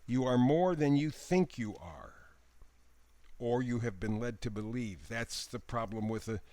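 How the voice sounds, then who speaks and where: A man giving a daily tarot reading in a gentle, encouraging voice. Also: medium pitch, lively intonation, measured pace, no echo. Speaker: tarot reader.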